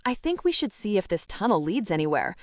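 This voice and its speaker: A woman's voice: mid-range voice, big pitch swings, fairly quick, no echo, clean studio sound, close to an everyday voice. Woman voicing a wry, determined young witch. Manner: wry, direct. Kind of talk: audiobook character reading.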